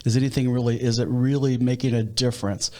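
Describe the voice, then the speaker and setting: A pastor who leads a nonprofit, speaking with a Midwestern American accent, tells stories in an interview conversation, restarting often. His mid-range, darkish voice is fast and level in tone.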